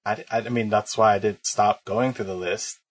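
A man chatting casually, speaking slowly and laughing easily. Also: on the low side, steady tone, husky. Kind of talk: casual chat.

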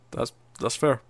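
A man co-hosting a podcast in casual chat about films, rambling with many restarts and fillers and acting out quotes. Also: slight background noise. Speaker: podcast co-host. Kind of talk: casual film-list chat.

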